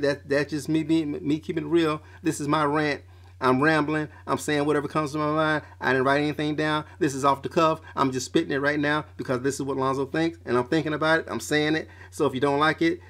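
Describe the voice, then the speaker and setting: A man's voice: fairly high pitch, a bit bright. A man hosting a podcast, delivering a blunt, profane off-the-cuff rant full of slang and stumbling restarts. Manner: slangy street talk. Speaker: podcast host.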